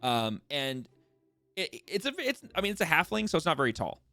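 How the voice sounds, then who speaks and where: A man narrating as game master, halting and full of fillers. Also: a little high, big pitch swings, pushed and bright, no echo, faint music behind.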